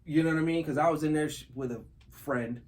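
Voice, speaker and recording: A man's voice: fairly high pitch, fast talker, darkish tone. A man hosting a podcast in casual chat, talking in a laid-back, slangy way and laughing through his stories.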